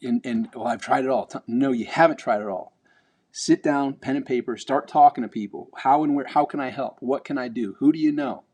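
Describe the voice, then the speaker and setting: A man's voice: medium pitch, a little fast, darkish tone. A man vlogging a motivational talk, blunt and emphatic, swearing casually and repeating words as he builds up.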